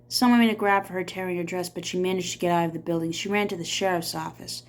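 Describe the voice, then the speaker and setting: A woman reading a novel aloud as an audiobook reader, in a steady storytelling manner. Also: on the low side, quick pace, few pauses.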